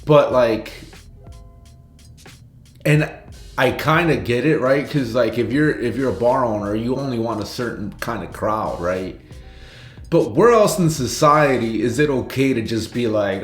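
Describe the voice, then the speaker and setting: A man hosting a reaction video, talking casually and tagging his points with quick questions to the viewer. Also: medium pitch, lively intonation, reverberant, faint music behind. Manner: chatty, laughing asides, ends points with "right?". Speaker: reaction channel host.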